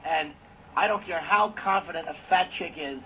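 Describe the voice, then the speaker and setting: A male radio co-host with a high voice, heard through muffled, lo-fi audio with a faint hiss. He puts his opinions plainly and bluntly. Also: moderate pace. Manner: blunt, matter-of-fact.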